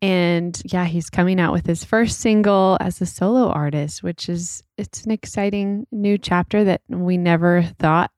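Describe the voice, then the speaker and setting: A woman's voice: on the low side, steady tone, measured pace, few pauses, a little mellow, dry recording, clean studio sound. A woman in her thirties co-hosting a podcast in casual chat, talking in a chatty way and laughing often. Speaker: podcast co-host.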